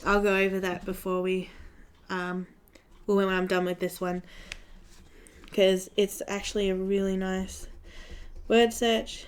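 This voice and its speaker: A young Australian woman with a smooth, clean voice at a middle pitch chats casually during a live coloring stream. She talks like a chatty storyteller and laughs often as she goes. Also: flat delivery, unhurried. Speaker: coloring channel host.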